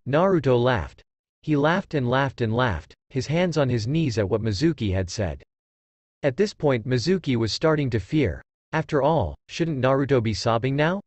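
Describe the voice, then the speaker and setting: A man's voice: medium pitch, dry recording. A man narrating a fan fiction story in a matter-of-fact storytelling manner.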